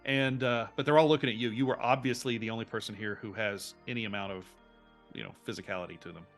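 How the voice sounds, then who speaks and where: A man narrating as game master of a tabletop role-play game, telling the scene in an animated way with frequent restarts. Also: lowish voice, quick pace, faint music behind.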